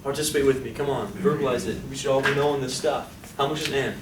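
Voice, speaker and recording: A man's voice: medium pitch, steady tone, fast talker. A man teaching a classroom lecture, upbeat, quizzing his students and coaxing answers out of them. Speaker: statistics lecturer. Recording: echoey room, distant mic, background noise.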